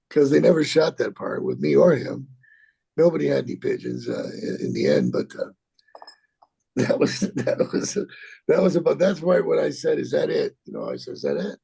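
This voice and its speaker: Gravelly husky older man telling a story. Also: a little high, warm tone. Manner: rambling, profane, halting with repeats and laughs. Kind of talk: anecdotal storytelling in an interview.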